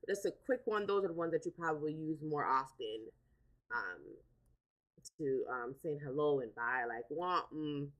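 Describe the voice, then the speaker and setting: A woman hosting a casual live stream, chatting in a relaxed way, repeating words and filling pauses with "um". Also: sits low, dull audio. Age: adult with a daughter. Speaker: livestream host.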